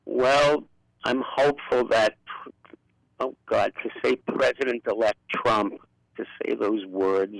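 Older man, Brooklyn accent, gravelly, outspoken radio guest, dry close sound. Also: mid-range voice, slow pace, no echo, poor audio. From Brooklyn, New York. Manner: outspoken and impassioned. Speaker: guest, political activist. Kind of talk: radio interview.

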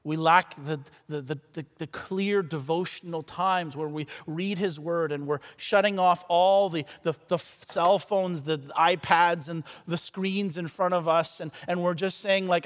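High-voiced preacher in a reverberant church. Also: male voice, fairly even intonation, a little slow, few pauses. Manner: stumbling repetitions, swinging from loud to soft. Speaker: pastor. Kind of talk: sermon. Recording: long reverb of a large church hall.

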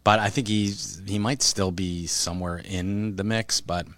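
A man co-hosting a casual podcast, telling a story with animated retelling and free swearing. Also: on the low side, unhurried, no room sound. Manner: animated storytelling, acts out quotes, swears freely. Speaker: podcast co-host, comic shop worker. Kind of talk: casual chat.

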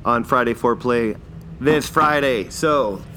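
A Canadian man in his fifties hosts a casual solo podcast, rambling loosely through his life and laughing at his own self-deprecating jokes. His voice sits at medium pitch, moves a little slowly, and sounds pushed and bright, with slight background noise.

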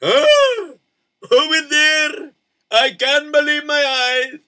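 A man voicing a kindly old uncle on a farm who speaks slowly and wonderingly. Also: extremely high pitch, animated, sharp tone, voice pushed up, full character voice. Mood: amazed. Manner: slow, wondering, drawn-out.

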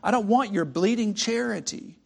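A man's voice: high-pitched, moderate pace, vocal fry, slightly rough, voice pushed up, heavily acted. A man playing an indignant, self-righteous ghost. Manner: aggrieved, insistent, demanding his rights.

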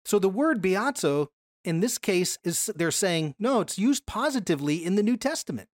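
A Bible study teacher giving a casual lesson from slides, asking questions and answering them, and slowing down to stress key words. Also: mid-range voice, very animated, dry recording, clean studio sound. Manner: explains patiently, often asks questions and then answers them.

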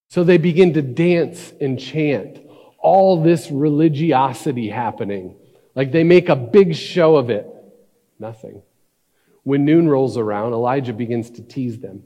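A man preaching a sermon, telling a story with dramatic shifts between loud and hushed delivery. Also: mid-range voice, animated, measured pace. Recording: reverberant hall.

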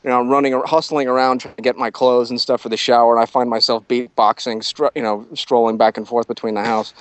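A man's voice: medium pitch, flat delivery, quick pace, no echo. A man in his thirties, a podcast guest, rambles through casual stories and swears freely while mocking himself. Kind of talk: casual storytelling chat.

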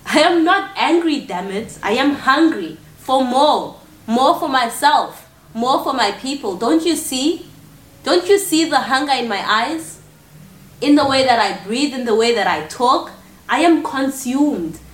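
A woman's voice: high voice, lively intonation, unhurried. A woman performing spoken word poetry in an intense, confrontational way. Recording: echoey room from far off with faint ambience.

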